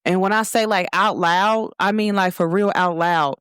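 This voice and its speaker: A woman delivers an animated motivational talk. She is expressive and earnest and speaks at a middling pitch. The sound is close and dry. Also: normal speed, clean tone, dry recording. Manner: expressive, animated storytelling with laughs and quoted voices. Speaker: show host. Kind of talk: motivational monologue.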